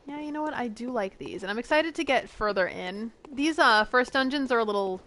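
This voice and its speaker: Woman streamer from the northern US, quick chatty delivery, casual and self-aware. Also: on the high side, expressive, bright, forceful tone, a little hiss or hum. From northern United States. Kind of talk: casual chat while playing a game.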